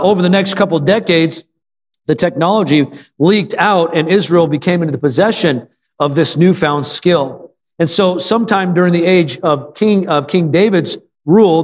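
A middle-aged male pastor delivers a folksy sermon, telling stories and drawing amens from the congregation. His voice sits somewhat high for a man. A long reverb from the church hall trails behind his words. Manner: folksy storytelling with calls for amen.

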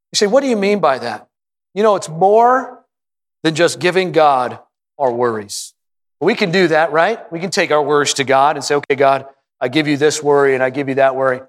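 Man, pastor, impassioned sermon, higher-pitched, echoing auditorium. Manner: impassioned preaching, rising to high emphatic peaks. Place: church auditorium. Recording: long hall reverb.

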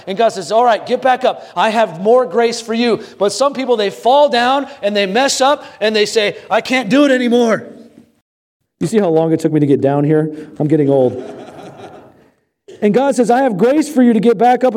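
A man's voice: sits high, big-room sound. A middle-aged man preaching a sermon, telling a story dramatically and building repeated refrains. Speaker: pastor. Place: church sanctuary.

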